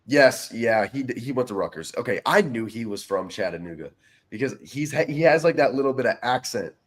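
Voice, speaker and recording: A man's voice: medium pitch, animated, fairly quick. A young man co-hosting a casual sports podcast, rambling with lots of "like" and false starts. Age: young adult. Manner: rambling, full of "like" and restarts. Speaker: podcast co-host.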